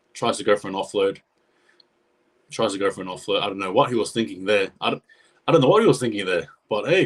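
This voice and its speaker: Excitable man calling a match live. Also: sits low, slightly rough. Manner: chatty, excitable, talks to viewers. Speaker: live reaction host. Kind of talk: live match reaction commentary.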